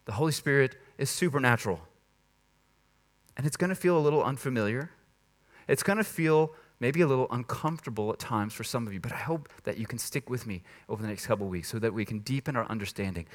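Conversational man preaching a sermon. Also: mid-range voice. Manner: conversational, emphatic, laughs at himself. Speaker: pastor.

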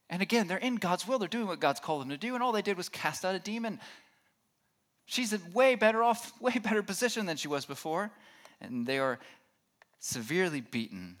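A man's voice: a little high, fairly bright tone. A man preaching a sermon in a conversational way, asking the congregation questions and acting out reactions. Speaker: pastor.

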